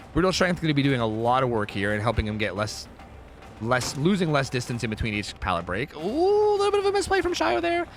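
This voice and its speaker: Lively, excitable male game streamer. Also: mid-range voice. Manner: excitable, profane, chatty with viewers. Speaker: streamer casting a match. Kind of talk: casual live-stream chat and game commentary.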